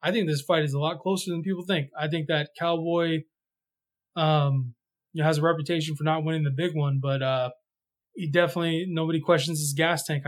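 A man's voice: fairly high pitch, a little fast. Rambling man chatting about fights. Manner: relaxed, rambling with many fillers and restarts. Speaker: podcast co-host. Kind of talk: casual sports chat.

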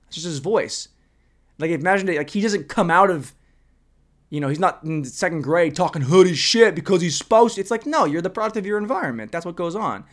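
A young man podcasting alone in his room, rambling and profane, swinging between loud rants and muttered asides. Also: high voice, lively intonation, a little fast. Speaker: solo podcaster. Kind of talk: casual comedic monologue.

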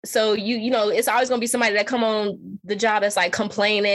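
A young woman, an actress and model coach, talking casually as an interview guest, animated and laughing often. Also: mid-range voice, brisk, few pauses. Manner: animated, laughs often, puts on voices when quoting.

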